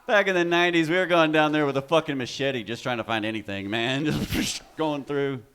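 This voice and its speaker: A man's voice: a little high, fairly quick, fairly bright tone, clean tone. A man in his forties from West Texas with a Texan accent, doing a loose, profane stand-up set on a club stage and laughing at his own jokes. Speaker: stand-up comedian.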